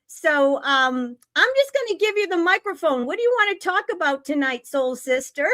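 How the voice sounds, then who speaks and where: Woman livestream host, high voice, gushing and blunt, casual delivery. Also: very animated, moderate pace, sharp tone. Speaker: show host.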